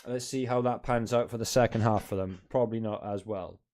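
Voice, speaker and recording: A man's voice: lowish voice, steady tone, a little fast, a little mellow. A man casually chatting on a live football watch-along stream from home, reading out scores, swearing now and then and teasing his viewers.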